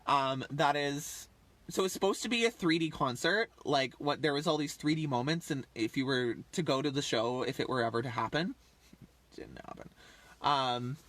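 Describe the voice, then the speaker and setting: A man's voice: medium pitch, normal speed, fairly bright tone. A man in his thirties rambling casually on a livestream, chatty and full of fillers, often trailing off. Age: 30s. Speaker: livestream host.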